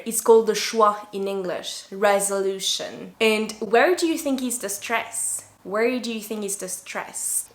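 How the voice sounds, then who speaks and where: A woman from France, a native French speaker, teaching an English lesson to learners, repeating key words slowly and deliberately. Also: medium pitch, echoey room.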